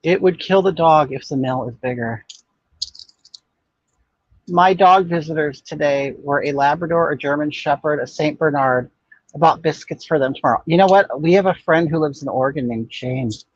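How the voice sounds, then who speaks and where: A man's voice: a little high, moderate pace, no room sound. An older man hosting a casual livestream chat, talking in a sassy, blunt, gossipy way and answering viewers' comments. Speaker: livestream host. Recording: dull, muffled dry audio.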